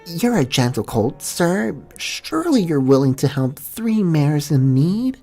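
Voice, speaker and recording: A man's voice: a little high, sing-song, a little slow, a little mellow, soft background music, voice pushed up. A man voicing a timid young vampire pony mare who hesitates and hums "um" between her words. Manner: hesitant, full of ums.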